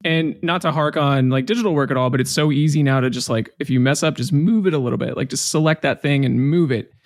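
Man podcast co-host, jokey, rambling, slightly high voice, dry sound. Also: fast talker, dry recording. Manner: rambling, filler-heavy, jokey. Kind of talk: casual podcast chat.

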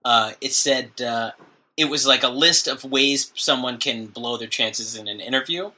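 A man co-hosting a comedy podcast in casual banter, joking and dropping into quick mock voices. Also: mid-range voice, sharp tone. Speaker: podcast co-host.

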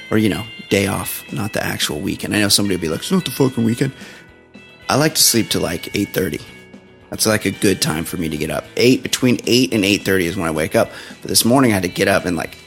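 A man's voice: on the low side, creaky, a bit bright. A man hosting a casual comedy podcast, joking crudely and swearing, in his morning voice. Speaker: podcast host. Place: home studio.

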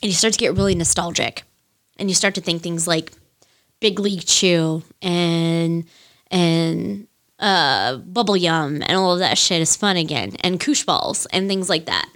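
A woman's voice: fairly low pitch, unhurried, fairly bright tone. A woman in her thirties hosting a podcast, chatting casually and rambling with lots of fillers and the odd swear as she gushes. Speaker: podcast host. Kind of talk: casual solo music chat.

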